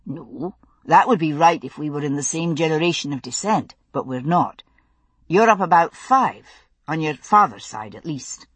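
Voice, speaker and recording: A woman's voice: sits low, animated, moderate pace, a bit bright, slightly rough, no room sound, full character voice. Woman reader doing young man, firm and tender, dry close read. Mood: sleepy, musing. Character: young man, tender, stubborn, reassuring lover.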